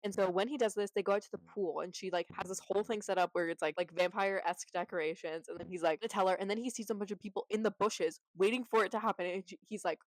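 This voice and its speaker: Woman, casual movie recap, sarcastic, rapid talk, dry close sound. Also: medium pitch, dry recording, rough recording. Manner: chatty, sarcastic, heavy use of "like".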